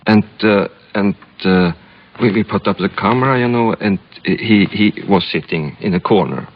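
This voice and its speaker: Swedish accented guy telling a story in english, lowish voice, kinda stop-start, dull old lo-fi recording. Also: a little hiss or hum. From Sweden. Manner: halting, searching for English words. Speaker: film director guest. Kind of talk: reflective interview storytelling.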